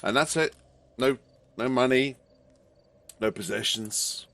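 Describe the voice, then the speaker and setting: A man, tired and hoarse, narrating a tabletop game as game master with casual swearing. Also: mid-range voice, slow. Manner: swearing, laughing, lively with put-on character shouts.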